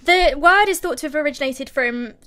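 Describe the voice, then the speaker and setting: A woman's voice: high voice, brisk, pushed and bright. A British woman explaining a topic in casual radio chat, with a lot of fillers, in a studio. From United Kingdom. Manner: chatty, explains with many fillers. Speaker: studio guest presenter.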